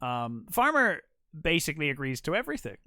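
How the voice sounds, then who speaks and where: A man co-hosting a film podcast, recapping scenes in a relaxed way with fillers and chuckles. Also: on the high side, fairly quick, no echo, clean studio sound. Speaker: podcast co-host. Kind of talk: casual film chat.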